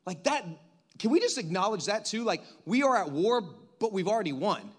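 A high-pitched man preaches a loose, conversational sermon, addressing the congregation directly with questions and joking asides. His delivery is brisk and sing-song, with a breathy edge.

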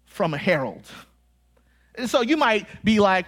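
An American man preaches a sermon in a high, lively voice at a measured pace. He stays animated and conversational, cracking jokes and acting out quoted voices as he teaches.

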